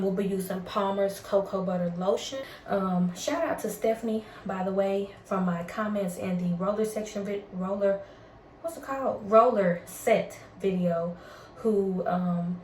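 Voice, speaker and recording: A woman's voice: medium pitch, a little mellow, echoey room, slight background noise. A woman vlogger talking casually about hair and faith, chatty and upbeat. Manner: chatty and upbeat, uses Southern US slang. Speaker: beauty vlogger. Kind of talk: casual chat with devotional talk. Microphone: ring light setup at home.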